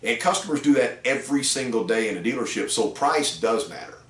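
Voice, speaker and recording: A man's voice: medium pitch, animated, fairly quick, a bit bright. A middle-aged man who trains car salespeople, telling a story in a casual, rambling way with fillers. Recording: roomy echo, distant mic.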